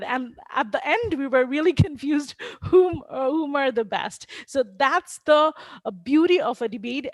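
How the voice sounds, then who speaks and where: A woman's voice: sits high, dry recording. A woman giving feedback as a debate judge over a video call, encouraging, with many fillers and restarts.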